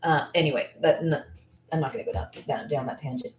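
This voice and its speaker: A woman in her thirties speaks as a business coach in a low-pitched voice, rambling and thinking out loud with plenty of fillers. She sounds candid and heartfelt. The recording is roomy and echoey, with the mic set some distance away. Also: fast. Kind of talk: casual Q&A talk.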